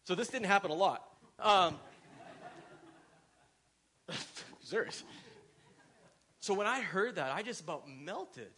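A man in his thirties with a high voice preaches from the front of his church. His sermon is loose and conversational, full of asides and quick questions to the congregation. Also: lively intonation, bright, forceful tone, slight background noise. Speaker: pastor.

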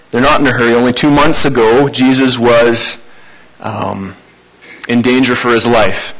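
A man's voice: mid-range voice, fairly bright tone, rough recording. A man preaching a sermon in a conversational, informal way. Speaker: pastor.

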